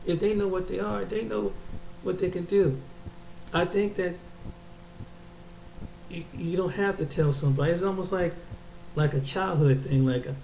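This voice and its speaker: A man delivers a preachy, unscripted monologue to his viewers, stumbling and restarting his phrases. His voice sits a little high with a soft, mellow tone. The room has an echo and faint ambient noise behind him. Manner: preachy, repeats and restarts words often. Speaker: commentator. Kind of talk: casual opinion monologue.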